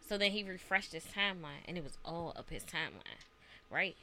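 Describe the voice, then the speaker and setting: A woman with a bright, forceful voice tells a personal story in a relaxed podcast chat. She talks earnestly and acts out back-and-forth dialogue as she goes. Her pitch sits a little low. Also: fast talker, a little hiss or hum. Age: adult parent.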